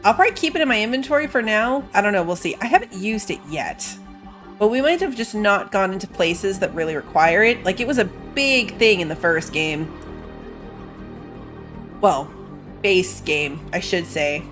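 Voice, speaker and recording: A woman's voice: medium pitch, animated, moderate pace, fairly bright tone, soft background music. A tired woman with school-age kids, chatting casually while playing a game, rambling and yawning now and then. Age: adult with school-age kids. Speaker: gaming streamer. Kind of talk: casual let's-play commentary.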